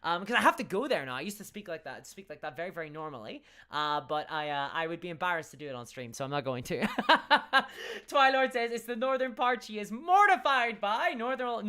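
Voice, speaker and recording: A woman with a softened Northern Irish accent, chatting casually on a livestream, reading out viewer comments with frequent restarts and laughs. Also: mid-range voice. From Northern Ireland. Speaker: streamer.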